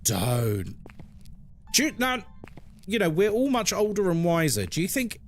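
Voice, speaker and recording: A man's voice: high-pitched, wildly swooping pitch, unhurried, a little hiss or hum. A man streaming a game, chatting playfully and reading chat messages aloud. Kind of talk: casual live-stream chat.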